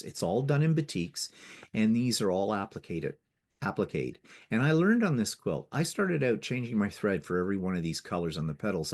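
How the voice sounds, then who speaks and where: A man's voice: sits low, darkish tone, slightly rough. A man giving a casual slideshow talk about his quilting to a guild, chatty and rambling, often restarting his sentences. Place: living in Ontario, Canada.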